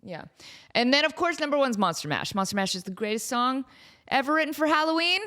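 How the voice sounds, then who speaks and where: A woman hosting a casual solo podcast, excitable and rambling, who keeps breaking into sung snippets and laughter. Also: high voice, brisk. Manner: talks to her cat. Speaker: podcast host.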